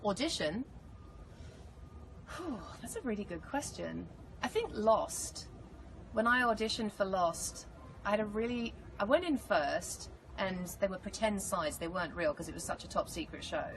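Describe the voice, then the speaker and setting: A woman's voice: mid-range voice, normal speed. Bubbly English woman on a noisy live stream. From England. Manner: bubbly, animated storytelling. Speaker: actress answering fan questions. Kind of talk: casual live Q&A.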